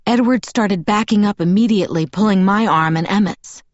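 A woman reading a novel aloud in first person as an audiobook narrator, in a measured, even storytelling manner. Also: medium pitch, dry recording, lo-fi sound.

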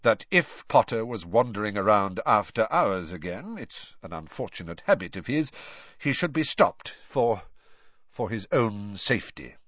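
A man voicing a cold, menacing male professor who speaks in a soft, hissing, dangerous way. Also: fairly low pitch, very animated, measured pace, no room sound, full character voice. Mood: forced calm. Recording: dry, slightly dull recording.

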